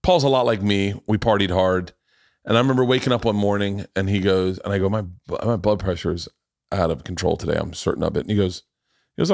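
A man's voice: on the low side, fast, creaky, darkish tone, no echo, clean studio sound. A man in his forties hosting a podcast, telling stories in a rambling, profane way and laughing at his own jokes. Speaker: podcast host. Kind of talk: casual storytelling chat.

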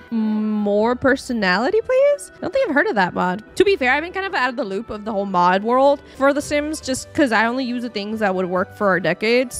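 Young woman streamer, bright high register, bouncy intonation, giggly running commentary. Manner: chatty and animated, giggles and exclaims often. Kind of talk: live gameplay commentary. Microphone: desk microphone.

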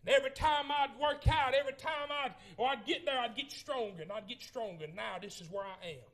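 A man preaching a Pentecostal sermon in a church, swinging from shouted lines to low murmurs as he tells the story. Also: a little fast. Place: church sanctuary.

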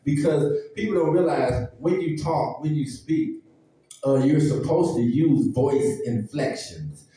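A man's voice: fairly high pitch, expressive, measured pace, warm tone. A man preaching a sermon in a folksy, conversational way, with his congregation answering amen in a church. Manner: folksy, conversational preaching with dialect and call-and-response. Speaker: pastor. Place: church sanctuary. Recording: echoey church hall, mic at a distance.

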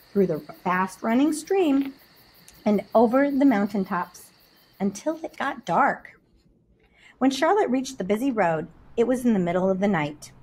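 A woman reading a children's storybook aloud in an expressive, lively way. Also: medium pitch, slightly rough.

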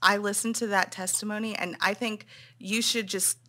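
Bright earnest young woman. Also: medium pitch, steady tone, normal speed. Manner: earnest, moved close to tears, restarts often. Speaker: interviewer. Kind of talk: emotional casual chat.

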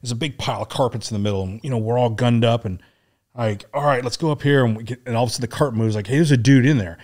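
A man's voice: mid-range voice, rapid-fire. A middle-aged man, a military veteran from the United States, telling combat stories in a casual, profane way and often breaking into laughter. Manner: animated, profane war storytelling, laughing often. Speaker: guest, Navy SEAL veteran. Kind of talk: casual storytelling.

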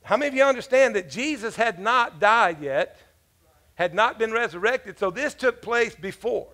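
A man's voice: high-pitched, lively intonation, normal speed, bright, forceful tone. A man pastor preaching a sermon in a casual, joking storytelling manner, with asides to the congregation. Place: church.

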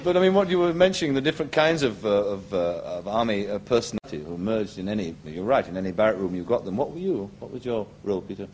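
Quick-talking male talk show host. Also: fairly low pitch, expressive, darkish tone. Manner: prodding, hesitant questions with fillers. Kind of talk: interviewing a guest. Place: TV studio with an audience. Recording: hissy old TV recording, studio audience. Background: audience laughter.

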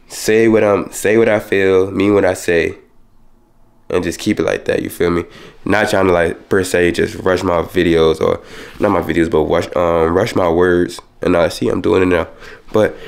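Talking straight to camera from home, a young male vlogger rushes his words in a low, gravelly, raspy voice. His casual chat runs quick and loose, slangy and peppered with "you feel me."

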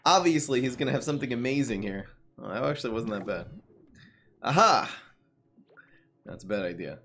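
A young man giving casual live commentary on his card game, excitable and jokey, muttering one moment and loud the next. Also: mid-range voice, fairly quick, a little hiss or hum. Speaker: gaming streamer.

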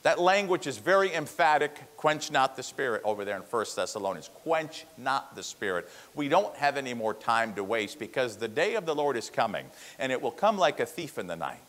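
A man's voice: sing-song, brisk, few pauses. Fiery preacher man in a reverberant hall. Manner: swings from low hushed asides to shouted high preaching. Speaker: pastor. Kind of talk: sermon. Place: church.

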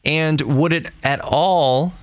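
A man's voice: on the high side, takes it slowly, no echo, studio quality. A man from Texas hosting his own tech podcast, talking loosely and rambling in a chatty, self-deprecating way. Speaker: podcast host. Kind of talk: casual solo podcast monologue.

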